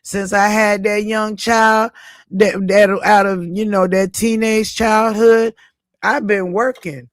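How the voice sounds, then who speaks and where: A woman's voice: medium pitch, little pitch movement, takes it slowly, no room sound. A woman chats through a casual live stream, reading viewer comments aloud and answering them by name. She takes her time, leaning on her points and repeating them for emphasis. The recording is close and dry, with no room sound. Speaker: livestream host reading viewer chat.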